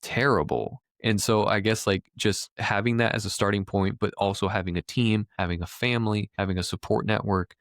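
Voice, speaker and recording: A man's voice: lowish voice, steady tone, a little fast, few pauses, no echo, clean studio sound. A man therapist co-hosting a podcast in casual chat, reflective and hesitant, often restarting his sentences.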